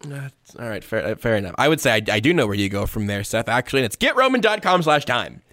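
A man's voice: mid-range voice, sing-song, fast, a bit bright, dry recording, studio quality. A man hosting a sports podcast, reading a sponsor ad in a rambling, jokey way that trails off into awkward asides. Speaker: podcast host. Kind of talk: casual chat with a read-out sponsor ad.

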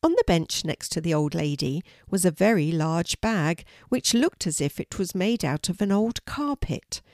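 A woman's voice: fairly low pitch, animated, moderate pace, a little mellow, no echo, clean studio sound. Older grandmother reading a storybook.

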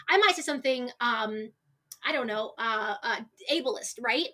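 A woman guest on a podcast, talking in an animated, storytelling way in casual chat. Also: high-pitched, a little fast.

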